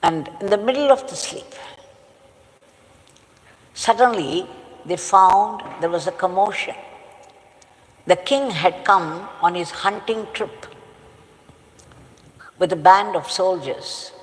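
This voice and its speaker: A woman, a spiritual teacher telling a parable slowly and emphatically. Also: mid-range voice, long reverb tail, rough recording. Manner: slow, deliberate, emphatic storytelling. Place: ashram hall.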